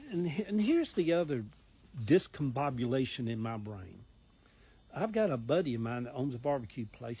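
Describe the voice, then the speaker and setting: A man's voice: medium pitch, mellow, slight background noise, low-quality recording. A man with a Southern US accent, a political campaigner talking earnestly in a rambling, folksy monologue. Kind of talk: casual monologue.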